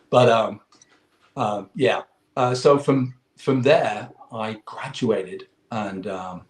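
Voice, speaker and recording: A man's voice: lowish voice, reverberant. English man telling a rambling story. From England. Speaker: interview guest. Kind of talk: casual chat.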